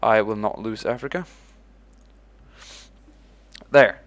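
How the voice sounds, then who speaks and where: A man commenting casually on his own strategy game playthrough, swearing freely, bursting out with "boom" and ordering his in-game troops around. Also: takes it slowly. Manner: excitable, swears casually, shouts "boom" when giving orders; talks to in-game units as if they were his troops. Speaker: let's play host.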